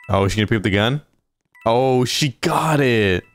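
A man livestreaming a video game, chatting casually and reacting out loud as he plays. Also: medium pitch, no echo. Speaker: gaming streamer. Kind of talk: casual live gameplay commentary.

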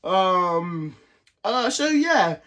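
A man's voice: high-pitched, very animated, drawn-out words, sharp tone, full character voice. A man voicing a goofy young male hero who chats rambling straight to the viewer in a homemade comedy movie. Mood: chatty. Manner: rambling, chatty.

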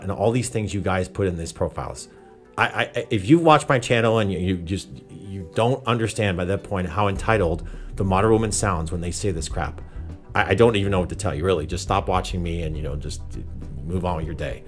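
A man's voice: sits low, normal speed, faint music behind. A man hosting a reaction commentary show, talking in a sarcastic, exasperated way and addressing people as ma'am. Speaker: commentary channel host.

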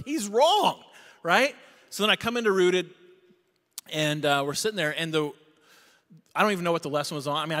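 A middle-aged man preaching a conversational sermon as pastor, telling stories with animation. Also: fairly high pitch. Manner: storytelling, animated when recounting. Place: church auditorium. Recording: long reverb of a church hall.

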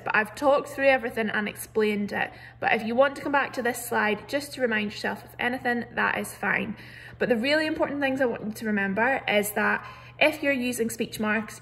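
A young woman teaches a recorded grammar lesson, her fairly high voice edged with a gravelly fry. She explains each rule patiently, step by step, and stresses the example words as she reads them aloud. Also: fairly bright tone. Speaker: primary school teacher.

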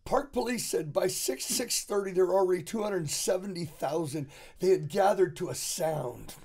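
An earnest man who preaches, telling a story as a podcast guest. His voice is high, gravelly and husky. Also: normal speed, a little mellow. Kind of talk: conversational storytelling.

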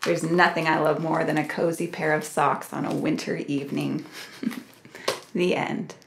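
A woman reading a picture book aloud to preschoolers as a children's librarian, expressive and asking the children questions. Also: low-pitched, moderate pace, creaky, roomy sound, a little hiss or hum.

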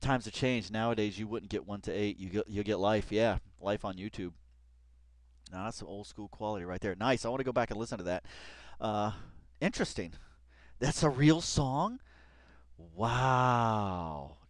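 A man's voice: on the low side, normal speed, dry recording. Rambling man, dry close sound. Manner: rambling, laughing, swears freely. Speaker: YouTuber reacting to an article. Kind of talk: casual read-along commentary.

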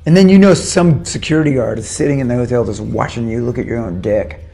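Crude, boastful rock singer. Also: male voice, mid-range voice, fast talker, creaky, dark tone. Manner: crude, boastful, mock-serious. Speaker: band's singer. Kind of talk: joking backstage interview. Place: backstage at a venue.

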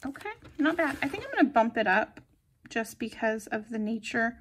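Giggly high-voiced woman crafting. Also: animated, moderate pace, slightly rough. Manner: chatty and giggly, drifting into soft murmurs while crafting. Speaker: planner vlogger. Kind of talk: casual plan-with-me narration.

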